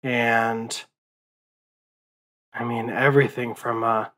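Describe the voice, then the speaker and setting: Slow, weary man rambling through grief. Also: mid-range voice, fairly even intonation, a bit bright, rough recording. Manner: profane, grieving, rambling with many fillers. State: tired, late at night. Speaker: movie vlogger. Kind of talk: casual rambling monologue.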